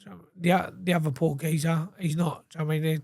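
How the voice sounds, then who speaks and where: A man's voice: fairly high pitch, fast, creaky, no echo, studio quality. A man, a podcast guest telling blunt stories full of swearing and restarts. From England. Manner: blunt, swearing, animated storytelling with repeated restarts. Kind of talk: casual chat.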